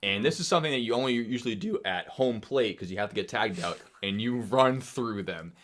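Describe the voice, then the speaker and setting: A young man chats casually as a podcast co-host, spinning an animated story. His voice is bright and forceful. He jumps into quoted voices and laughs loudly as he goes. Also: medium pitch, a little fast.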